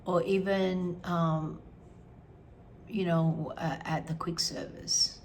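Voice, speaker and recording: A middle-aged woman talks in a casual, rambling way, full of fillers and frank opinions. Her voice is low and gravelly with plenty of fry. A faint hiss of background noise sits under the recording. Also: steady tone, takes it slowly. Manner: chatty, rambling with many fillers. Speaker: vlogger. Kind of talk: casual review chat.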